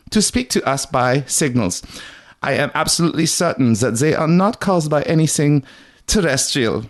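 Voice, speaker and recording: A man voicing an earnest turn-of-the-century male inventor in a vague, shifting Scottish accent, louder than his normal voice and slowly declaiming. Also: a little high, voice pushed up.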